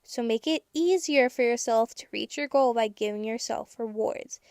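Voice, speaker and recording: A woman's voice: on the high side, normal speed, dry recording. Chatty teen girl, dry sound. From United States. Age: teens. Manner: candid and chatty, with casual swearing and bursts of excitement. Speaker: podcast host. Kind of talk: casual advice monologue.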